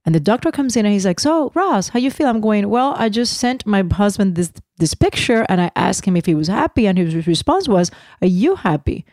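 A middle-aged woman co-hosting a podcast, telling a story in lively casual chat and laughing often. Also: medium pitch, fairly quick, few pauses, no room sound, clean studio sound. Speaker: podcast co-host.

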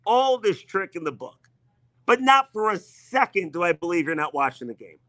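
A man's voice: high-pitched, sing-song, moderate pace, bright, forceful tone, dry recording. A man hosting sports talk radio, delivering an emphatic, needling monologue that leans on repetition.

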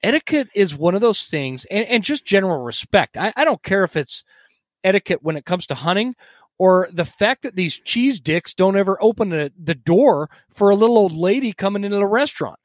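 Higher-voiced man hosting a podcast. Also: lively intonation, fairly quick, no echo. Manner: rambling questions with profanity. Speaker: podcast host. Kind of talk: casual chat. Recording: dull lo-fi audio.

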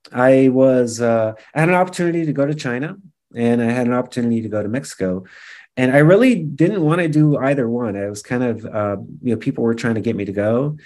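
A man's voice: medium pitch, darkish tone. A man speaking as an interview guest, telling a personal story in a casual way, with many fillers and restarts.

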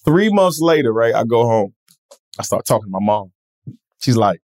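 A man being interviewed, telling stories in a relaxed, lively way and acting out other people's voices. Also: on the low side, normal speed, no echo, studio quality. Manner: animated, acts out voices in his stories. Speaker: comedian guest. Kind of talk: casual interview storytelling.

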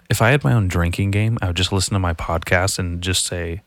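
A man's voice: low voice, brisk, no room sound, studio quality. A man in his twenties hosting a podcast alone, rambling and joking with lots of swearing. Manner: rambling, profane, jokey. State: slightly out of breath. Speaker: podcast host. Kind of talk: casual solo podcast rant.

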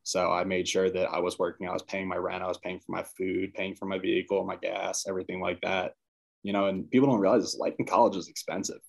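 A man's voice: deep voice, level tone, fast talker, gravelly. A man guesting on a podcast, casually telling a personal story and acting out his parents' lines. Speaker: podcast guest, former college football player.

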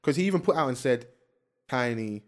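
A young man, co-hosting a casual chat and talking in lively, slang-filled bursts. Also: medium pitch, a little fast. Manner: animated, slangy, talks over his co-host. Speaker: podcast co-host. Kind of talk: casual chat about UK rap beefs.

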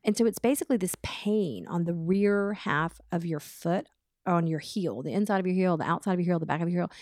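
A middle-aged woman co-hosting a podcast in a studio, chatting casually and telling animated stories. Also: on the low side, brisk, no echo. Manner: chatty storyteller, animated retelling with quoted voices. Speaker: podcast co-host. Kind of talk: casual chat.

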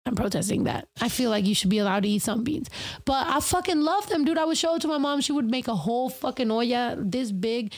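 A woman's voice: fairly high pitch, expressive, brisk. A young woman in casual podcast chat, telling stories with lots of slang and swearing, laughing often.

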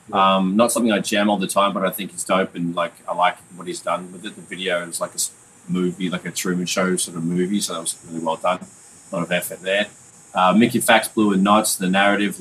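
A man's voice: low voice, fairly bright tone, a little hiss or hum, rough recording. A man hosting a casual music review chat, loose and sweary with plenty of fillers. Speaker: podcast host and mixing engineer.

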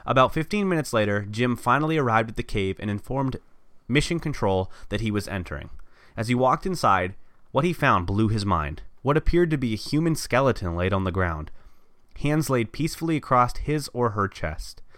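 A man's voice: mid-range voice, animated, moderate pace, a bit bright, no room sound, clean studio sound. A man co-hosting a podcast, reading his own short story aloud and running it down. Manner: self-deprecating, laughs at himself. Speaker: podcast co-host.

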